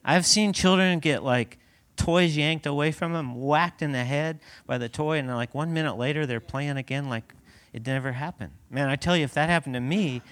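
A man's voice: a little high, moderate pace, fairly bright tone. A man giving a conversational sermon as a pastor in a church, laughing often and asking the congregation rhetorical questions.

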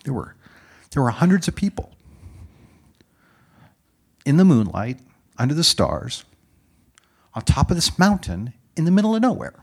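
A man preaching a sermon as a dramatic story, dropping to hushed whispers and rising to loud exclaims. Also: on the high side, huge pitch swings, moderate pace, pauses often, slightly rough.

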